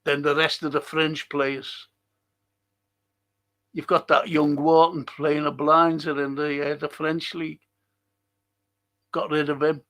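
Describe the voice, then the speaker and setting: A man's voice: fairly high pitch, little pitch movement, takes it slowly, long pauses, a bit bright. A man hosting a live fan show, reading viewer comments and ranting bluntly with plenty of swearing. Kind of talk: live-stream chat reading and rant.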